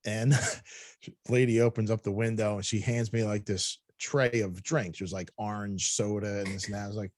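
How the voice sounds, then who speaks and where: On a podcast, a co-host with a fairly low, slightly mellow voice tells a casual story at normal speed with fairly even intonation and no echo. He swears openly, laughs often, and voices the people in the story himself.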